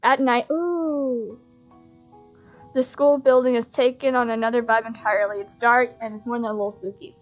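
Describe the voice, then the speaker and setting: A woman reading a dating game's text aloud as she plays, excitable and quick to laugh, with mock outrage. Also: on the high side, muffled recording, faint music behind. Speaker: gaming streamer. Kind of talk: let's play commentary, reading game text aloud.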